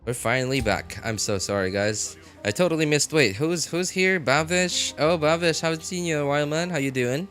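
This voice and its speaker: A man's voice: fairly high pitch, brisk, few pauses, fairly bright tone. Guy streaming games, chatting with chat, laughs a lot, faint music going behind him. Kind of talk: casual live-stream chat.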